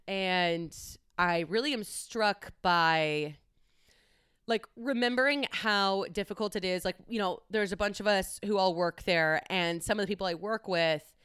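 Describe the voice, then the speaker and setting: A woman's voice: mid-range voice, unhurried, a bit bright, clear, resonant tone, dry recording, clean studio sound. A young woman talking candidly on her own, chatty and casual, with frequent swearing. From United States. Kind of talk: casual solo monologue.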